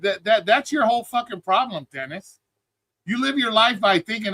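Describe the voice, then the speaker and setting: A man hosting a live stream pushes his point in a blunt, cursing, lecturing way. His voice sits high and bright. The sound is dry and close, with no room around it. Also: animated, normal speed, no room sound. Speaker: streaming show host. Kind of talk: heated livestream argument.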